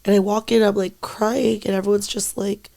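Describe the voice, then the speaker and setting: A young woman with a creaky, gravelly, dark voice of mid-range pitch shares a candid story on the casual podcast she co-hosts. Her delivery is flat and moderately paced, full of "like" fillers and frequent cursing.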